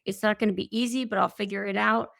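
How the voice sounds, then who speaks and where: A woman's voice: medium pitch, fairly even intonation, fast, vocal fry, fairly bright tone, no room sound, studio quality. A woman hosting an interview show, asking her guest thoughtful questions. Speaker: host.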